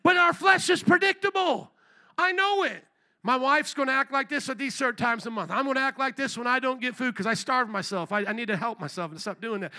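A middle-aged male pastor preaching an animated sermon with call-and-response asides and bursts of shouting. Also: very high-pitched.

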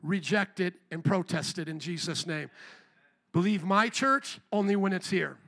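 A man preaching a sermon in a strikingly high voice. He is bright and forceful, and he presses his listeners with rhetorical questions. His delivery is intense and direct. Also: lively intonation, normal speed. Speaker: pastor.

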